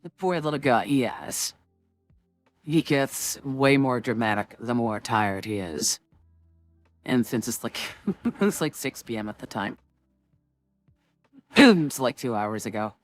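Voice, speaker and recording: A woman's voice: rumbling low, lively intonation, slow, long pauses, no echo, faint music behind. A woman streamer chatting casually with her viewers before a tabletop game, rambling and full of filler words.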